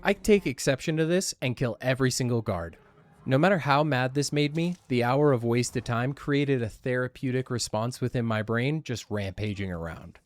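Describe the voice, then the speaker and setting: A man's voice: medium pitch, moderate pace. A man narrating his playthrough in a casual voice-over, wry, self-deprecating and casually profane. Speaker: gaming channel host.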